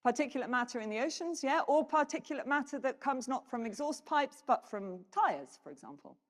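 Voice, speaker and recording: Woman, keynote talk in an echoing conference hall, lively and higher-pitched, quizzes the crowd. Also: a little fast. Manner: animated, engages audience with questions. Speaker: keynote speaker. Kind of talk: conference presentation. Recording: reverberant hall.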